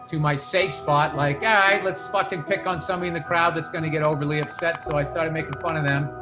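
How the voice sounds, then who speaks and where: A man telling a long profane story in casual podcast chat, getting fired up as he rants. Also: fairly high pitch. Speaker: podcast guest comedian.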